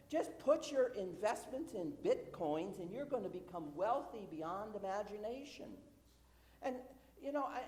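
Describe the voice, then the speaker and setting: Woman, preacher, conversational sermon, rhetorical questions, sarcastic asides, lively intonation, roomy church reverb. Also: high-pitched. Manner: asks the congregation rhetorical questions. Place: church sanctuary. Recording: echoey church with long reverb.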